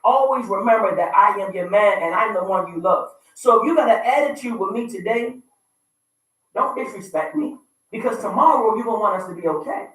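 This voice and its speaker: A man's voice: high voice, expressive, fairly quick, fairly bright tone. A man in his thirties, hosting a radio talk show, making emphatic, repetitive points and raising his voice at times. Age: 30s. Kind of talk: opinionated relationship talk. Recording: very echoey room, distant mic.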